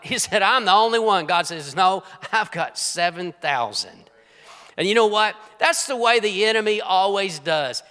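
Bright-voiced preacher in a reverberant hall. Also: male voice, high voice. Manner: swings from hushed whispers to emphatic, rising preaching. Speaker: pastor. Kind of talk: sermon.

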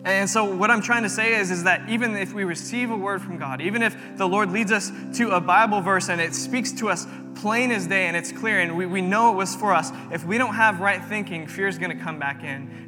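Earnest young preacher in a reverberant hall. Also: male voice, high voice, brisk, hardly any pauses, over music. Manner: earnest, personal storytelling with repeated phrases. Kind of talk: sermon. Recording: long reverb of a large room.

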